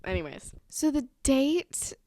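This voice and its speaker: A woman's voice: sits high, big pitch swings, takes it slowly, dark tone, a little hiss or hum. A young woman telling a dating story in a chatty, giggly way, swearing often. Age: young adult. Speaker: vlogger. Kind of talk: casual storytelling.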